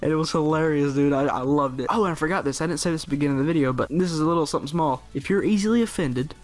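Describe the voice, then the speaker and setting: A man's voice: a little high, rapid-fire, soft background music. A teenage boy telling a story casually on his video channel, rambling with lots of restarts and fillers. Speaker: vlogger.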